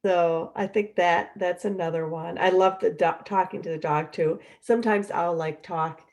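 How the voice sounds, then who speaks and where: A middle-aged woman hosting a podcast, talking in a relaxed, chatty way with lots of fillers. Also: lowish voice, moderate pace. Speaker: podcast host. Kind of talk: casual conversational chat.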